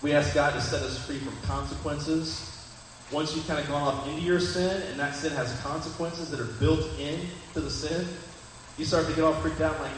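A man's voice: a little high, fairly even intonation, brisk, slight background noise. A young man giving a sermon, speaking conversationally to the congregation and asking them questions. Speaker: pastor. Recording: echoey hall from far off.

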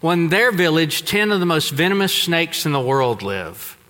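A man from Texas preaches in a large church hall, his high, bright voice carrying a long echo. He tells stories with emphatic turns that drop suddenly soft. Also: big pitch swings, moderate pace. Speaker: pastor. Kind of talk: sermon. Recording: echoey hall.

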